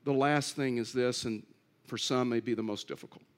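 A man's voice: mid-range voice, fairly even intonation, normal speed. A man preaching a sermon in an earnest way, repeating key phrases and rising to emphatic pleas. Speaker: pastor.

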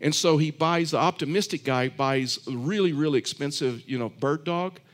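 Earnest preaching man, higher voice. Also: normal speed. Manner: earnest, repetitive, storytelling with restarts. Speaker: pastor. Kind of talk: sermon.

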